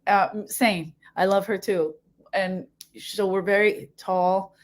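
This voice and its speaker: A comedian telling stories in casual chat, a woman with a Philadelphia accent, animated and profane. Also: mid-range voice. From South Philadelphia. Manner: animated, profane, quick jumps between stories. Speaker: comedian guest.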